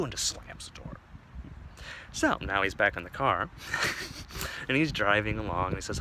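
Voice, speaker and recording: A man telling a comic story aloud, playful and animated, recorded on a phone outdoors. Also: on the low side, normal speed, pauses often, noisy background. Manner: animated, playful, voices many characters. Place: outdoors at a cemetery.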